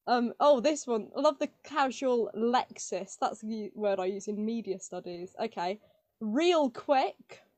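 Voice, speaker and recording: A woman's voice: on the high side, a little mellow, dry recording. A woman co-hosting a podcast, reading quiz questions in a bubbly, giggly, chatty way. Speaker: co-host.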